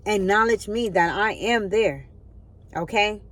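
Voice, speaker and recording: A woman's voice: medium pitch, unhurried. Woman, spiritual vlogger on her phone; earnest, preachy, checks in with viewers a lot. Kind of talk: spiritual motivational talk.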